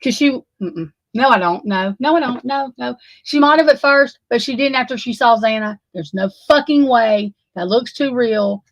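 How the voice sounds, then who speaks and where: A woman's voice: fairly high pitch, normal speed, few pauses, no room sound, highs cut off. A woman giving unscripted true crime commentary, heated and emphatic, swearing freely and repeating herself. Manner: heated, profane, emphatic and repetitive.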